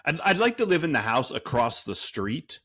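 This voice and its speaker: Male podcast co-host, medium pitch, rambling and profane, dead-dry studio sound. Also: sing-song, moderate pace, fairly bright tone, dry recording. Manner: rambling, profane, full of fillers and restarts. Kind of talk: casual chat.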